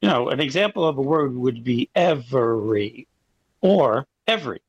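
A man's voice: medium pitch, lively intonation, fairly quick, breathy edge, dry recording, dull audio. A man in a casual group chat, explaining points in a good-humored way. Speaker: haiku group member.

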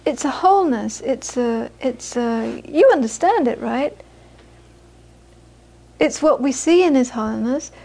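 High-voiced woman giving a dharma talk. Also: animated, measured pace, creaky, dark tone. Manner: storytelling, frequent restarts and repeated words. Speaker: Buddhist teacher. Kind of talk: dharma talk to a live group.

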